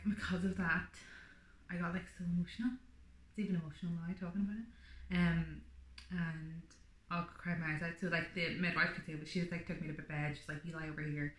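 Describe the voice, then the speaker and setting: A woman's voice: fairly low pitch, echoey room. A woman vlogger telling her birth story in a chatty, rambling way, full of fillers. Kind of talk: casual birth story vlog.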